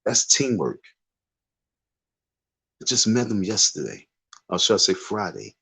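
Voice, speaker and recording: A man's voice: fairly low pitch, sing-song, a little slow, creaky, bright, forceful tone, husky. A man ranting on his livestream, emphatic and repetitive, dismissive as he drags out his insistence. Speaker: live streamer. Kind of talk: casual livestream rant.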